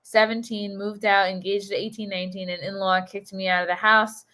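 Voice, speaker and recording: A woman hosting a livestream, chatting casually, reacting loudly and reading viewer messages aloud. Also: mid-range voice, little pitch movement, a little fast. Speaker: livestream host.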